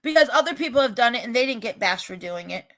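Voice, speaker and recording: A woman with a regional American accent, talking to her livestream chat in a high, bright voice. She rambles and restarts her sentences, and her emphatic delivery turns loud when she is upset. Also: animated, fast talker. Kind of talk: casual chat, defensive and venting.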